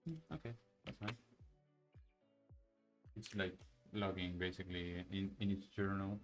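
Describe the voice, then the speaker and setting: A man with a lowish voice demos his software over a screen share. He thinks aloud, restarting sentences and dropping fillers as he clicks around. Faint music plays underneath. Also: steady tone, measured pace, rough recording. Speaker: software developer demoing his project. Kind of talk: casual screen-share walkthrough.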